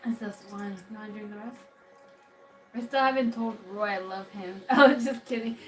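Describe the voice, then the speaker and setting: A woman's voice: medium pitch, normal speed, faint music behind, poor audio. A young woman co-hosting a livestream, chatting casually and telling stories with lots of laughter. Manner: giggly, animated storytelling with frequent laughter. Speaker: livestream co-host. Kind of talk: casual chat. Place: home livestream setup.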